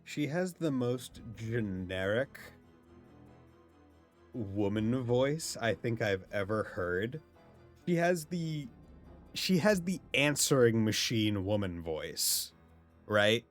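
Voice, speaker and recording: A man's voice: medium pitch, big pitch swings, slow, soft background music. Sarcastic young man streaming a game. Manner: sarcastic, mocking, swears. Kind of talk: casual let's-play commentary.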